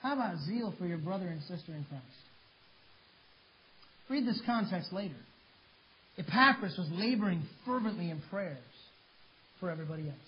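High-voiced fervent preacher, lo-fi hiss. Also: male voice, lively intonation, moderate pace, long pauses, slightly rough. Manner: fervent, plain-spoken preaching. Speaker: pastor. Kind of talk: sermon. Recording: dull lo-fi sermon recording with faint hiss.

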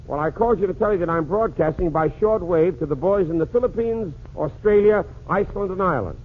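High-voiced man doing 1940s radio comedy. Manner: one-sided phone-call routine, quick comic patter. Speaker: comedian and emcee. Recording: tinny lo-fi 1940s radio transcription with faint hiss.

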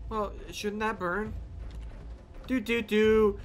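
A young man playing a video game and commenting casually, swearing often and yelling at the game. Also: high voice, normal speed, faint music behind. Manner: animated, swears a lot, yells at the game. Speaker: gaming YouTuber. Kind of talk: casual let's-play commentary.

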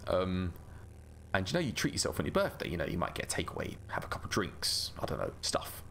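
A man's voice: sits low, wildly swooping pitch, fast, gravelly, a bit bright, in a whisper. A man hosting a gaming channel, chatting through gameplay in a rambling, self-mocking way. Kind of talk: casual gameplay commentary.

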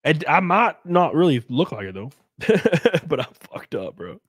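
A man's voice: on the high side, sing-song, unhurried, a bit bright, husky, no room sound. A man hosting a casual livestream while sick, chatting loosely with viewers, swearing and trailing off mid-thought. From United States. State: sick, congested. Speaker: livestream host. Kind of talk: casual livestream chat reading viewer comments.

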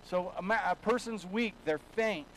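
A male pastor preaching a sermon in a folksy, storytelling way, his voice a bit higher than most men's. He drops to a near hush and then rises to loud, driving lines. A faint hiss sits under the recording. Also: moderate pace, poor audio. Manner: folksy storytelling, swinging between hushed and loud. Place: church.

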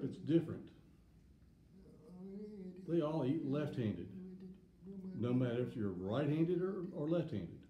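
A man from the South, giving a plain, deliberate devotional talk with short stories. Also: medium pitch, mellow, lo-fi sound, slight background noise. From Southern United States. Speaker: preacher. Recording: echoey room.

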